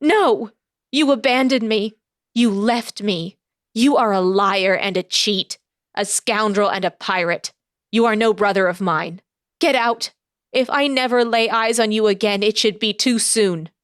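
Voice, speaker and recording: A woman voicing an indignant young woman on her wedding day who speaks in a proper, sharp way and rises to shouting. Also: medium pitch, measured pace, no echo, studio quality, natural voice. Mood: bitter.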